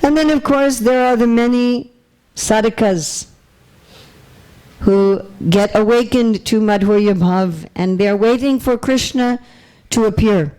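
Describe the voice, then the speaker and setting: A woman's voice: on the high side, a little slow, dark tone, clean tone. A woman giving a religious lecture to a live audience in a temple hall, chatty and teasing, often checking that listeners follow. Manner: light teasing humor. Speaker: visiting speaker.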